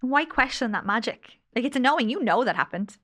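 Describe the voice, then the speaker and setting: A woman's voice: a little high, expressive, quick pace, bright, forceful tone. A woman in her late thirties, a podcast guest and angel healer, telling stories in an effusive, emotional way. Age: late 30s. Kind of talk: casual podcast conversation.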